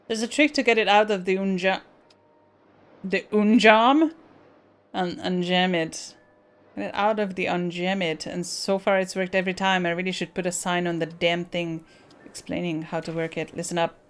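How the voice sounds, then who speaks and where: A woman playing a video game, reading the on-screen text aloud and breaking off with blunt swearing and quick asides. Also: lowish voice, little pitch movement, clear, resonant tone.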